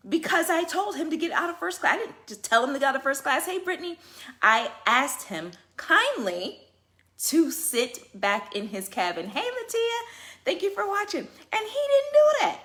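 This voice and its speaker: A woman working as a flight attendant, telling a story in a casual livestream with emphatic, animated delivery and frequent laughter. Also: high-pitched, normal speed.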